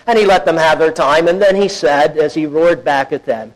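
A man preaching a sermon in a conversational, folksy way, acting out quoted voices with big swings in loudness. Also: moderate pace, hardly any pauses, a little hiss or hum, rough recording. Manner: animated, acts out quoted voices with big swings in pitch and volume. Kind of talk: expository sermon.

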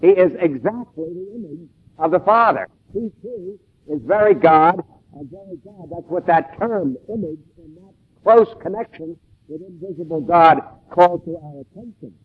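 A man giving an expository sermon in a measured, deliberate way, with emphatic stresses and pauses. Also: a little high, animated, husky. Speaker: preacher. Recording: tinny phone-like old tape recording.

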